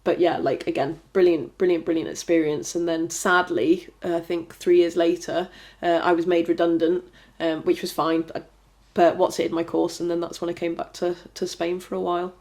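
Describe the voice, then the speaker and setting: Woman guest, lower-pitched voice, rambling casual chat, lots of fillers. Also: flat delivery, moderate pace, a little mellow. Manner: chatty and rambling, many fillers and restarts. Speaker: trick rider, podcast guest.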